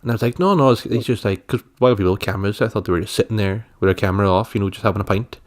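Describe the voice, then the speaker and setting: A man's voice: lowish voice, rapid-fire. A young Irish man co-hosting a podcast, telling a story in casual chat and acting out what people said. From Ireland. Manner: storytelling, laughing, acts out quotes. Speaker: podcast co-host.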